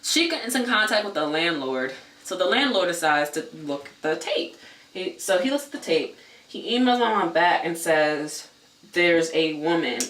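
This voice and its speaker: A man's voice: high voice, sharp tone, recorded from a distance. Guy spilling a storytime, chatty, lots of "like", roomy echo, sits back from the mic. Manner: chatty, many "like" fillers, swears. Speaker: vlogger telling a story. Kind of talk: casual storytime chat. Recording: echoey room, voice away from mic.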